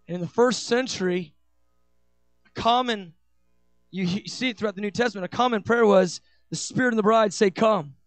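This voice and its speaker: A man preaching a sermon with passion, acting out quoted dialogue with big swings between soft and loud. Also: dry recording. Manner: impassioned, acts out quoted dialogue with big swings in pitch and loudness.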